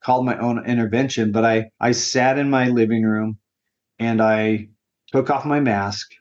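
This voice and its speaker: A man's voice: medium pitch, fairly even intonation, normal speed, darkish tone, muffled recording. A man in his forties, a grief counselor as an interview guest, telling his personal story in an earnest, heartfelt way. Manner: earnest and heartfelt, sometimes emotional.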